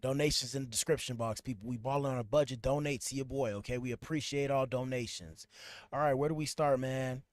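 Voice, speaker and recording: A man's voice: mid-range voice, fairly even intonation, fairly quick, slight background noise. A man hosting a podcast livestream, talking loosely with his chat while he fixes his stream. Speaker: podcast host. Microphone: streaming setup at a computer.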